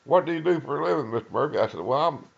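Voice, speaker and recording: An older man with an East Texas Southern accent telling an oral-history story, halting with many uhs and acting out what people said. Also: fairly high pitch, expressive, creaky, husky, muffled recording. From East Texas, USA. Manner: rambling, halting with many uhs, acts out quoted dialogue. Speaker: retired lawman and Vietnam veteran telling his story.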